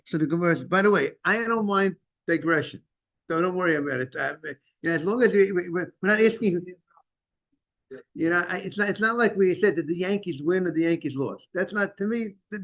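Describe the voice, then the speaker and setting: A man teaching a Talmud class in a casual, halting way, repeating words and restarting sentences while greeting students. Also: high voice, fairly bright tone. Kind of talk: informal Talmud lesson.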